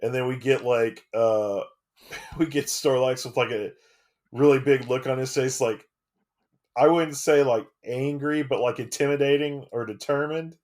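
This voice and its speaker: A man at a middling pitch talking through a comic chapter on a podcast. His pace is easygoing and measured, and he chimes in with comments and questions. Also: steady tone, a little mellow. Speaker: podcast co-host. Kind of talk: casual podcast chat about a comic.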